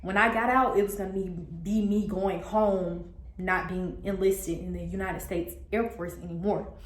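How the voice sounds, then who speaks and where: A young woman recounting a personal story in a casual storytime vlog. Her delivery is animated, with sudden high jumps in pitch when she quotes others. The room adds a noticeable echo. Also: moderate pace. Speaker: storyteller vlogger. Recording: echoey room.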